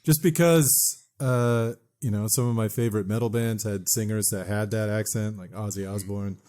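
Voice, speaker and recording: A man's voice: on the low side, fairly even intonation, normal speed, dark tone. A man co-hosting a podcast, talking in a laid-back, hesitant way with many fillers. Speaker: podcast co-host. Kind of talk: casual chat.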